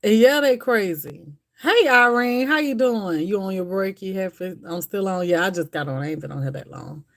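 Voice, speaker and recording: A woman's voice: medium pitch, animated, moderate pace, hardly any pauses. A woman hosting a casual livestream, chatting and rambling straight to her viewers. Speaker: livestream host. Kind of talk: casual chat with live viewers.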